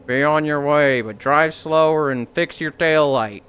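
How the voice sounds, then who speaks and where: A gruff male traffic cop drawls a warning low and slow, stretching his words, as a woman streamer puts him on. He sounds set back from the mic and very unhurried. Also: fairly bright tone. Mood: stern.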